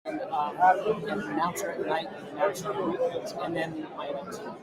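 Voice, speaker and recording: A man's voice: fairly high pitch, huge pitch swings, moderate pace. A man, a boxing ring announcer, talking casually and reflectively as an interview guest. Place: busy media row outdoors. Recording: crowd noise behind. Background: loud crowd chatter.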